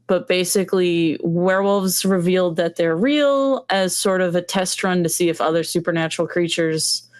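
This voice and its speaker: Low, smooth woman explaining her work. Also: no echo, studio quality. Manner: hesitant, many ums, explains steadily. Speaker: comic book creator, guest. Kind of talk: casual interview talk.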